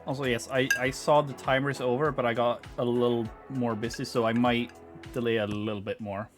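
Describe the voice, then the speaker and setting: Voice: medium pitch, level tone, a little fast. A streamer from Sweden, chatting casually and profanely to a live audience from home. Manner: loose and profane, talks to chat and to a pet. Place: home room. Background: music.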